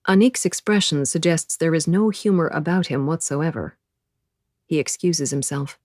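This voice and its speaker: Low-voiced woman narrating. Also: normal speed, darkish tone, no echo, clean studio sound. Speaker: audiobook narrator. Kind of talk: first-person audiobook narration.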